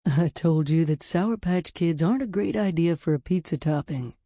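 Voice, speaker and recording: Woman doing a rough protective guy, blunt and profane, low dark voice, dry close read. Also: normal speed, no echo, natural voice. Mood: teasing. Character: rough, protective adult man who swears freely. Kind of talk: audiobook character voice.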